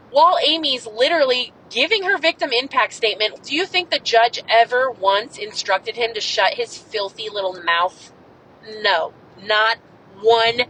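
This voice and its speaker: A young adult woman podcast host in an impassioned monologue, angry and swearing hard. Her voice is bright and pitched a little high. A faint rumble sits under the recording. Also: rough recording. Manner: angry, profane, emphatic.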